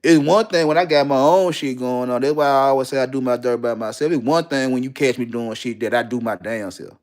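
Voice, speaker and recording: A man's voice: mid-range voice, a little fast, a little mellow. A young man, telling a candid personal story bluntly and with lots of profanity, repeating lines for emphasis.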